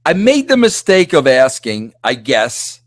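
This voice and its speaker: A middle-aged man hosting a podcast, ranting in a rambling, excitable way full of restarts and filler words. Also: mid-range voice, a little slow, no echo, studio quality. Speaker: podcast host. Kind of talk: animated solo rant.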